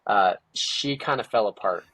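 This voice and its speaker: A man telling stories casually in an interview, lively and acting out quoted dialogue with lots of "like" fillers. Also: on the low side, normal speed, dry recording. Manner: animated, acts out quoted dialogue with many "like" fillers. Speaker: guest, parent of a young ninja athlete. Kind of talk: casual storytelling conversation.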